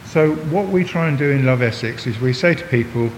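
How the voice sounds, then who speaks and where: An Englishman in his sixties, a visiting preacher giving a chatty, joking church talk that draws in his listeners. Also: fairly quick. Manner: chatty and jokey, talks to the congregation. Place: church hall. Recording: long hall reverb, faint rumble.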